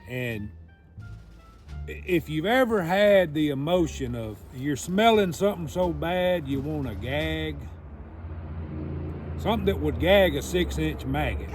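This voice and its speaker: Man, folksy storyteller, very slow, drawn-out delivery. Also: a little high, darkish tone. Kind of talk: casual storytelling.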